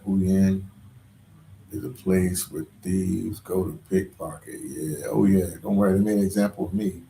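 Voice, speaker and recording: A man's voice: deep voice, creaky, warm tone, roomy sound, a little hiss or hum. A man talking to viewers on a casual live stream, slangy and rambling. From Philadelphia. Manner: slangy and rambling, full of "like" and "you know". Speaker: travel vlogger on a live stream.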